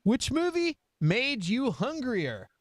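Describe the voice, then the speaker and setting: A man's voice: extremely high pitch, wildly swooping pitch, takes it slowly, dry recording, studio quality. A man co-hosting a podcast, casually and playfully asking the questions. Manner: playful, asks the quiz questions. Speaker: podcast co-host. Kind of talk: casual chat.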